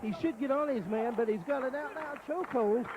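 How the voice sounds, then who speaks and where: A man calling a wrestling match play by play in a folksy, excited way. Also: very high voice, fast, poor audio. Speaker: wrestling commentator. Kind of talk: play-by-play commentary.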